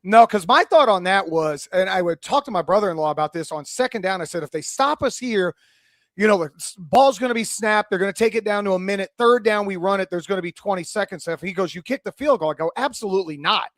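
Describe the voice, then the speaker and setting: A male sports radio host with a high-pitched voice, talking in a passionate, fired-up rush. The studio sound is dry and close. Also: animated, fast talker, a bit bright, no echo. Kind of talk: excited sports radio talk.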